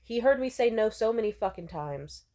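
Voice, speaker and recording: A woman's voice: a little high, lively intonation, normal speed, dark tone. A young adult woman telling a personal story to camera, blunt and profane, talking casually with lots of fillers. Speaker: vlogger.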